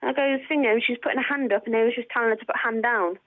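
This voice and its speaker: A woman's voice: fairly high pitch, steady tone, racing, no echo. A woman calling in to a radio show, upset and hesitant, repeating her words as she tells her story. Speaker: caller. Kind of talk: phone-in call. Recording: tinny phone line.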